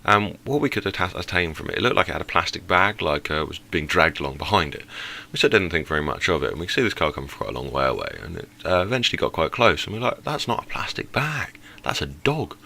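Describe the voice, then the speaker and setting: A man's voice: deep voice, very animated, fast, gravelly, bright, forceful tone. A young man telling a story casually over gameplay, rambling, with many fillers and self-corrections. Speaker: gaming channel host.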